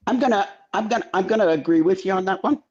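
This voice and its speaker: A man's voice: high voice, fast talker. A man co-hosting a casual political chat, blunt and repeating himself for emphasis, on dull lo-fi audio. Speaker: co-host.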